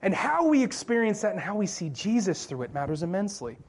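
A man with a notably high voice preaching in church. He talks loosely and conversationally, cracks jokes and keeps asking the congregation questions. The delivery feels like chatting with friends from the pulpit. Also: big pitch swings, quick pace, a little mellow, husky. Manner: conversational, joking, asks the crowd questions. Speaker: pastor. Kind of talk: sermon.

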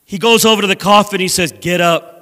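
A man preaching a sermon as a guest speaker in a church, animated and acting out voices from scripture. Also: sits high, fast, big-room sound. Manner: animated, acts out scripture voices, laughs at own jokes. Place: church sanctuary.

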